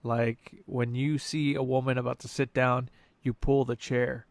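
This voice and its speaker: A man in a played video clip giving measured, disapproving commentary. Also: medium pitch, level tone, no echo.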